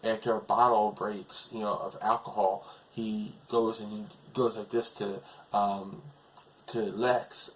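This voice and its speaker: A man's voice: on the low side, flat delivery, measured pace, a little hiss or hum, poor audio. A man casually retelling a TV episode as a reviewer, rambling along with lots of fillers.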